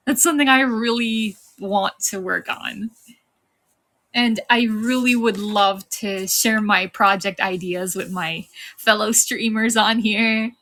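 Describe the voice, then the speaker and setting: A woman's voice: mid-range voice, takes it slowly, long pauses, a bit bright. A young woman streamer chatting casually on a live stream, giggling often as she thanks viewers and reads the chat.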